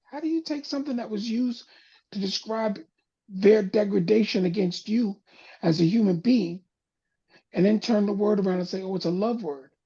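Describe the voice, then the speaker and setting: A man with a gravelly, husky voice delivers an impassioned talk-show monologue in a preacher-like rhythm, sinking low and soft to press his points. His tone is dark and mellow, and the recording sounds a little dull and lo-fi. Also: moderate pace. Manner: preacher-like cadence, drops voice low and soft for emphasis. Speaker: panel host.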